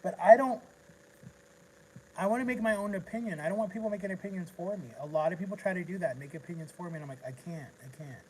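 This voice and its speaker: A man's voice: sits high, fast, a little mellow, slight background noise, rough recording. Rambling man telling an emotional story. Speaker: vlogger. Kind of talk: casual rambling livestream chat.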